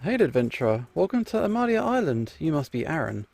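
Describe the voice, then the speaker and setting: A man's voice: on the high side, very animated, a little fast, creaky, a little mellow, no echo, heavily acted. A man doing a formal island greeter. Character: adult male island greeter, formal and welcoming.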